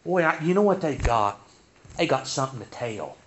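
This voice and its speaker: A man's voice: mid-range voice, sing-song, moderate pace, dull audio, slight background noise. A man preaching a sermon in a folksy style, asking the congregation pointed rhetorical questions. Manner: folksy, rhetorical questions, rising to emphatic peaks.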